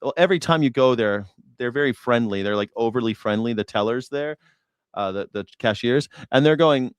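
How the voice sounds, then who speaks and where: Male host, news-reaction talker, profane and digressive, average pitch, dry sound. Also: fairly quick, clear, resonant tone, no room sound. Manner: rambling and profane, with sarcastic asides. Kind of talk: casual news reaction chat.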